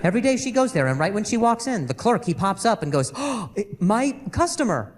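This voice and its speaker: Lively, halting male stand-up comic. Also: high voice, slight background noise. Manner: halting delivery with repeated words and hums. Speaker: stand-up comedian. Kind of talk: stand-up comedy set. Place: live comedy stage.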